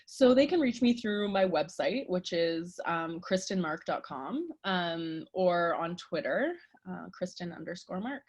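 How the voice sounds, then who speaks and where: A woman's voice: fairly low pitch, lively intonation, a little slow, darkish tone. A middle-aged Canadian woman, a guest therapist on a podcast, chatting directly and laughing often. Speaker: guest sex researcher and therapist. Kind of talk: casual podcast interview.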